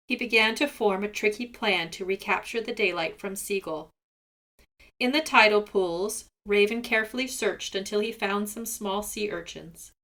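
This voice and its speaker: A woman reading a folk tale aloud to children in an expressive, measured way. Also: medium pitch. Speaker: storyteller. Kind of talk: storybook read-aloud.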